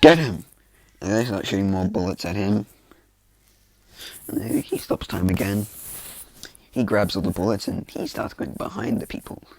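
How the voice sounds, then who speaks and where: Rambling low gravelly-voiced man. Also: normal speed, pauses often, darkish tone, low-quality recording. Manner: rambling, heavy fillers, loose and offhand. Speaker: fan storyteller. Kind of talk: casual improvised storytelling. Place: room at home.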